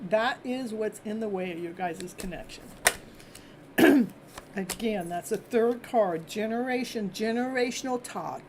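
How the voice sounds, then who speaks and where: A woman hosts a live tarot reading, unhurried and chatty, repeating her points in reassuring loops. She clears her throat often and breaks into laughs between thoughts. Her pitch sits in a middle range, and a faint hiss lies under the voice. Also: darkish tone. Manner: repetitive, reassuring phrasing. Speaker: tarot reader and host.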